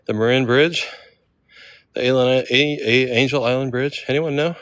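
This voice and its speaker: A man's voice: mid-range voice, fairly even intonation, moderate pace, a bit bright, no echo. A man vlogging on a handheld phone while walking steep city streets outdoors, out of breath, with laid-back slangy talk that keeps calling viewers dude. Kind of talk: casual walking livestream chat.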